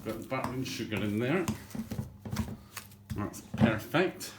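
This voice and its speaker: A man's voice: on the low side, animated, measured pace, background noise. A man hosting a home cooking show, talking through a recipe in a rambling, cheeky, self-mocking patter. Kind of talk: chatty cooking demonstration. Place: home kitchen, indoors. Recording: echoey kitchen with clattering dishes.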